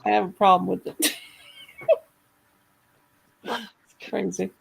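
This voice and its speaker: A middle-aged woman telling a funny story in a casual chat, animated and laughing as she goes. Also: mid-range voice, slow, vocal fry, breathy edge, low-quality recording. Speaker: caller.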